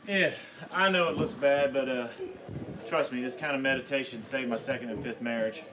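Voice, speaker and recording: An actor playing a bossy eccentric who gives crude orders and pushes strange self-help methods. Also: male voice, mid-range voice, normal speed, reverberant, noisy background, natural voice.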